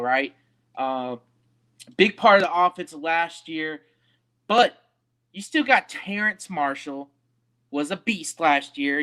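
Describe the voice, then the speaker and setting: Young guy hyping up his team on his sports show, chatty, lots of ums, bright voice. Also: a little high. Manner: chatty, hyped, fillers like um and y'all. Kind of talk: casual sports preview talk.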